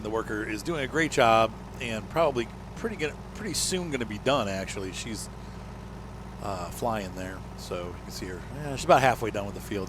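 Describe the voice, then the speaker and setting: A man's voice: medium pitch, background noise. A man giving casual, self-mocking commentary over a farming game, chatting and muttering to himself. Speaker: gameplay commentator.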